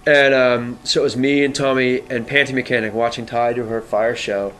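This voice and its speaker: Rambling, animated male storyteller. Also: mid-range voice, normal speed. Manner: rambling, animated, with lots of fillers and acted-out quotes. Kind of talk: casual personal storytelling.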